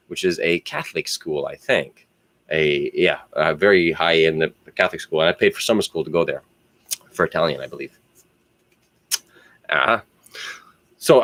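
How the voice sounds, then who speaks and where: A man's voice: deep voice, fairly bright tone, no room sound. A man, rambling and philosophizing in a profane solo monologue. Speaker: solo video host.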